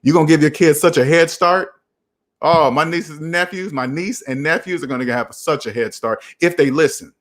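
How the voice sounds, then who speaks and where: A young man hosting a casual live chat about personal finance, talking in an animated, preachy and repetitive way. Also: a little high, normal speed. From United States. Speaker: finance channel host.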